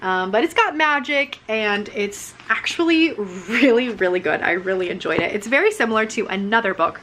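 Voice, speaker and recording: A young woman chats about books in her living room, bubbly and full of little giggles and fillers. Her voice is bright and forward, sounding a touch worn out. A faint room hum sits behind her. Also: mid-range voice, expressive, moderate pace. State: voice wearing out. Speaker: author vlogger. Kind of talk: casual chat. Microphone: camera mic.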